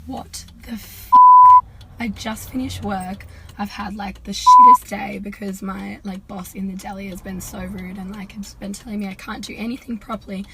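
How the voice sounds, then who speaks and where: A hoarse woman ranting in frustration from her car. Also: medium pitch, wildly swooping pitch, normal speed, very noisy. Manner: frustrated, rambling. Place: car on a highway.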